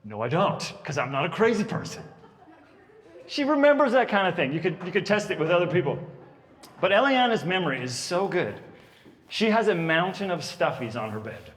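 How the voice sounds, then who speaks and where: A man in his thirties performs stand-up comedy for a room of children. His voice sits high for a man and swings widely as he tells stories, and a long reverb trails behind it. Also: brisk. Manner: animated storytelling, puts on kids' voices. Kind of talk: stand-up comedy at a birthday party.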